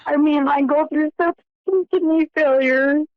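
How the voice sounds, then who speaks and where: A woman caller on a phone-in line, halting and close to tears. Her voice comes through dull and dry, with the highs cut away. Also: fairly even intonation, no echo. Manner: tearful, halting.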